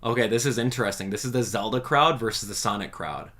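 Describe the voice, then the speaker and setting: A man's voice: lowish voice, quick pace. A man hosting a casual livestream, chatting with viewers and ranting emphatically about games. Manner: animated, emphatic, rants with "dude" and "man". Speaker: livestream host reacting to a game showcase.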